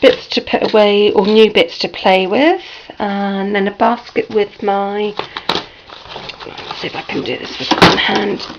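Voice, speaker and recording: A woman with a hoarse, sore-throated voice gives a slow, hesitant, apologetic tour of her room, with many ums. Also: mid-range voice. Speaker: crafting vlogger. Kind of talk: casual room tour vlog. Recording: dull lo-fi home video with faint noise.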